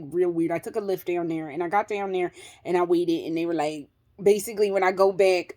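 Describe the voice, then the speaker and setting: A woman vlogger telling a personal story in a casual, animated way, swearing freely and laughing through it. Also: medium pitch.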